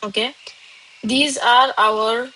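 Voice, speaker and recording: A woman teaches a live online French lesson at an unhurried, deliberate pace, moving between English and French. Her voice sits a little high, and she calls on students from the chat one by one. French is not her first language. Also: fairly even intonation, sharp tone, poor audio. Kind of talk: live online doubt-solving class.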